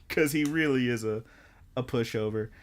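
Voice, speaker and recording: A man co-hosts a podcast in a mid-range voice that's a little slow, with a touch of hiss or hum behind it. He casually recaps anime episodes, rambling and animatedly acting out characters' quotes.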